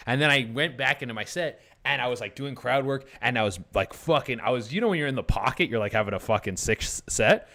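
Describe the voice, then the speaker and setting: Profane, animated male podcast co-host. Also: mid-range voice, quick pace, vocal fry, hardly any pauses. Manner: animated storytelling, profane, filler-heavy. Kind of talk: casual chat.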